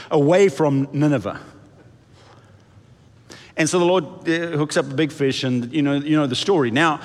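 Guy preaching a sermon, really animated, voice jumps up and down, echoey hall sound. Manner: animated, acts out quoted voices, lively swings in pitch and volume. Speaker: pastor.

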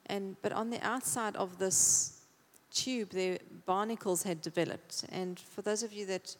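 A woman's voice: medium pitch, steady tone, measured pace, big-room sound. A woman from the congregation tells of a vision in an earnest, plain way. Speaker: congregation member sharing a vision. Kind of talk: testimony. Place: church.

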